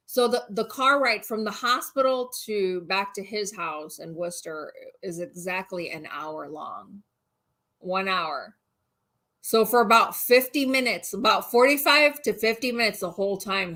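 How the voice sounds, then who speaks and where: A woman's voice: medium pitch, unhurried. A woman co-hosting a casual livestream, telling a story with lots of laughter and reading out viewer comments. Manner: animated, laughs through the story. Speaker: channel co-host.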